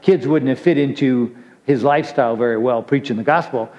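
In a church sanctuary, a middle-aged pastor delivers a conversational sermon full of jokes, poking fun at himself and the congregation. He speaks briskly in a medium-pitched, darkish voice, and the dull recording carries long hall reverb.

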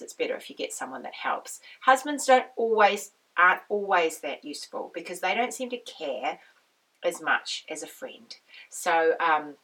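A woman with a croaky voice, chatting casually as host of a knitting podcast and wandering off on tangents. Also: fairly low pitch, a bit bright, distant mic, low-quality recording. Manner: chatty, rambling, goes off on tangents. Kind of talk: casual chat to camera.

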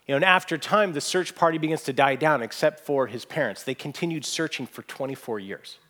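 A man preaching a sermon to a room, earnest and emphatic, climbing to strong peaks and dropping to soft, hushed asides. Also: on the high side, a little fast. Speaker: pastor. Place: church hall with audience.

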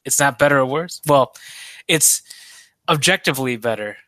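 A man co-hosts a casual podcast with a bright voice. He teases the others and rambles, restarting his sentences. The sound is dry and close. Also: mid-range voice, animated, normal speed, no room sound. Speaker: podcast co-host.

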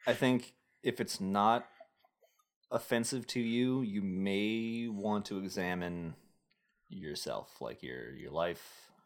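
Young man, podcast host, low-ish voice, loose rambling delivery with frequent laughs. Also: takes it slowly. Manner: rambling, self-interrupting, laughs often. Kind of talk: casual podcast chat.

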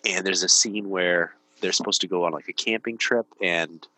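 A man's voice: sits low, normal speed, sharp tone, low-quality recording. A man in his thirties, a guest in a casual podcast conversation, telling stories in an earnest, rambling way with lots of "like". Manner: earnest, rambling storyteller, heavy use of "like".

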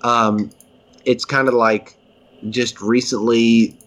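A man's voice: mid-range voice, little pitch movement, slow pace, fairly bright tone. A man co-hosting a podcast, chatting casually in a rambling, enthusiastic way with frequent restarts. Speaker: podcast co-host. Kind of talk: casual chat.

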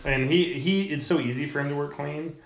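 A man's voice: on the high side, a little fast, a loud crowd. Comedian guest, male, chatty storyteller with restarts, echoey room sound. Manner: storytelling with acted-out quotes and frequent restarts. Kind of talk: casual chat. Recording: roomy echo.

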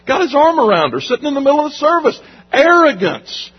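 A man's voice: very high voice, very animated, brisk. A man preaching a sermon as pastor, emphatic and conversational, repeating phrases for weight, recorded in a church sanctuary. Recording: dull recording with long hall reverb.

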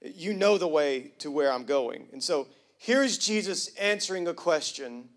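A male pastor preaching a sermon with casual slang, swinging from hushed to loud and emphatic. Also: on the high side, lively intonation, unhurried. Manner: casual slang, jokes with the congregation.

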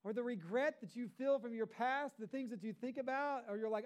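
High-voiced man preaching a sermon. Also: fairly quick, few pauses. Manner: conversational preaching with rhetorical asides. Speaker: pastor.

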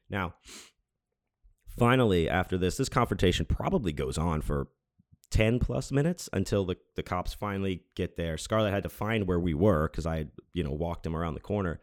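A man's voice: sits low, animated, moderate pace, no room sound, studio quality. A man hosting his own show, telling a long personal story in a rambling, casual way, full of restarts and fillers and with some swearing. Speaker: podcast host.

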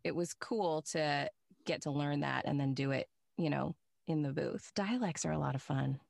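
A chatty woman guest talks about her voice acting work in an easy, storytelling way, laughing often between thoughts. Her voice sits on the lower side for a woman. The recording is dry and close, with no room sound. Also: moderate pace, vocal fry, darkish tone, no echo. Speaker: guest voice actor. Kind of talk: casual interview chat.

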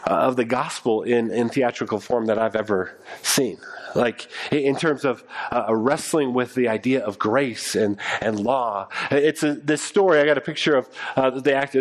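A man preaching a sermon, retelling a story in a loose, conversational way full of fillers and restarts. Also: mid-range voice. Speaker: pastor.

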